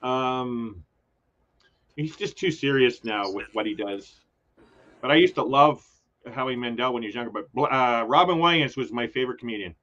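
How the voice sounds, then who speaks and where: Chatty older New York man, bright voice. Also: medium pitch, normal speed, highs cut off. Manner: chatty, laughs often, rambling asides. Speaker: guest. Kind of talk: casual livestream chat.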